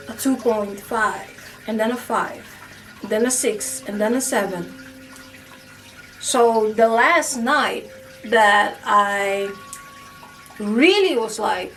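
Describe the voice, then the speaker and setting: Woman, storytime vlogger, high voice, animated and chatty, slightly distant mic. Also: slight background noise. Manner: animated, acts out her own past reactions, many "like" fillers. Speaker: storytime YouTuber. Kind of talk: casual storytelling to camera.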